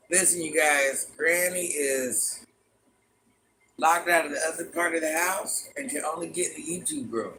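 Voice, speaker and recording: Guy hosting a live stream as granny, super chatty, keeps calling folks honey bun, bright tone. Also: on the high side, moderate pace, slight background noise. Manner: chatty, dramatic, calls viewers "child" and "honey bun"; repeats lines for comic effect. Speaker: livestream host playing a granny persona. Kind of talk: casual livestream chat.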